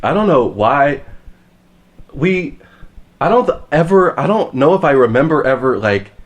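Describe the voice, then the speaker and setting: A man's voice: on the high side, sing-song, a little slow. A young man from Texas on a casual podcast, speaking mildly and a bit self-consciously. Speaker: podcast host. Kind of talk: casual chat.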